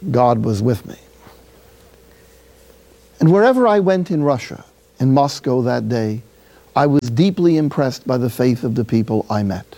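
Mellow-voiced New friar preaching. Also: male voice, medium pitch, moderate pace, long pauses. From Jersey City, New Jersey. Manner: lively anecdotal storytelling with acted-out dialogue. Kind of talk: storytelling sermon.

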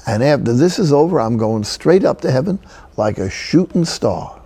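A man voicing a cheerful, grateful little old woman with an old-fashioned Southern US accent, speaking slowly and plainly. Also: medium pitch, expressive, mellow, breathy edge.

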